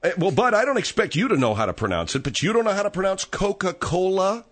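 Lively-voiced radio host with a throat tickle. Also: male voice, sits high, quick pace. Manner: exasperated, bickering. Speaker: radio talk show host. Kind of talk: radio talk show banter.

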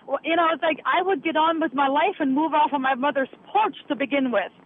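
A woman calling in to a radio show, calm and reasoning, a little hesitant. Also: sits high, a little fast. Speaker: caller. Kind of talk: call-in chat. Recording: tinny phone line, faint hiss.

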